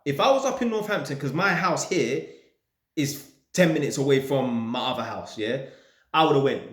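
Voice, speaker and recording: A man telling a story in an animated way, swearing and bursting into shouts. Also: medium pitch, moderate pace, roomy sound. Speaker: landlord vlogger. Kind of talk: casual storytelling rant.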